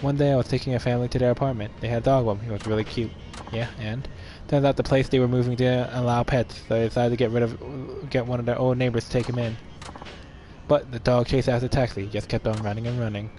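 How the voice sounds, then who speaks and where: A man voicing a calm, low-key middle-aged taxi driver who talks quietly and steadily. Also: fast, a little hiss or hum, close to an everyday voice, low-quality recording. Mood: somber.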